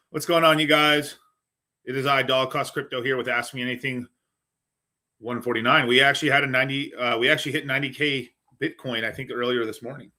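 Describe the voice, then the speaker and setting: Man, stream host, casual chat, jokey, crisp bright tone, mid pitch. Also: fairly even intonation. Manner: jokey, laughs often, rapid asides.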